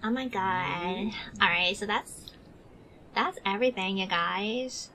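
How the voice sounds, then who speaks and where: A woman's voice: mid-range voice, takes it slowly, pushed and bright, slight background noise. A woman streamer in a playful role-play chat, putting on valley girl talk and cooing over her dog.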